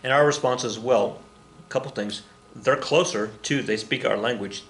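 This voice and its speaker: Male history teacher, bright voice, digressive and self-correcting, recorded in an echoey room. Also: mid-range voice, moderate pace. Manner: rambling, self-correcting, joking asides. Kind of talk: recorded classroom lecture. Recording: roomy echo with faint ambience.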